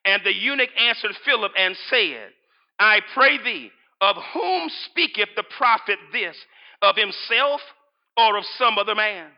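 A male pastor preaching a sermon, repeating lines, shouting at times and reading scripture aloud. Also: sits high, animated, unhurried, muffled recording.

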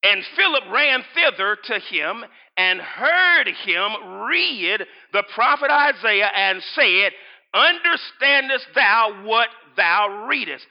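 High gravelly preaching man, lo-fi. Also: animated, slow. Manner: preaching with shouted repetitions and scripture reading. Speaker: pastor. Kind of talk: sermon.

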